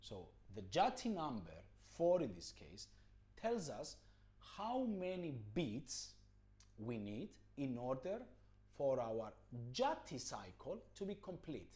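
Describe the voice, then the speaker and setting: Patient man with a lively voice. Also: takes it slowly. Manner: patient, explanatory, chants rhythm syllables loudly and high. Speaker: music teacher. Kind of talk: rhythm lesson with spoken counting syllables.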